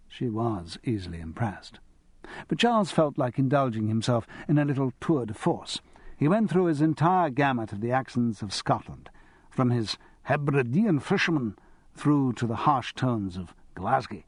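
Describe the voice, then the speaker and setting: A man narrating an audiobook in a wry, expressive manner. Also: medium pitch, normal speed, breathy edge, dry recording.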